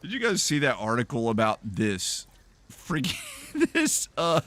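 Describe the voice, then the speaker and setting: A man's voice: fairly high pitch, huge pitch swings, a little slow, fairly bright tone. A man streaming a game, chatting casually and rambling through jokes and silly voices. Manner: joking, rambling, laughs at own jokes. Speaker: gaming streamer. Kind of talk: casual gameplay commentary.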